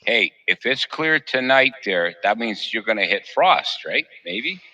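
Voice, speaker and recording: A man's voice: fairly low pitch, lively intonation, unhurried, bright, forceful tone, lo-fi sound. A man hosting a live stream, chatting casually over a voice call, joking, laughing often and repeating himself. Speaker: host of a live observatory stream.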